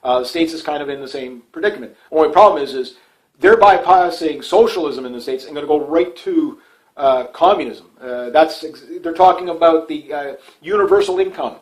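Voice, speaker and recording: A man's voice: fairly high pitch, a little fast, poor audio. A man from Canada giving casual solo political commentary, rambling with frequent fillers and restarts, opinionated and dismissive.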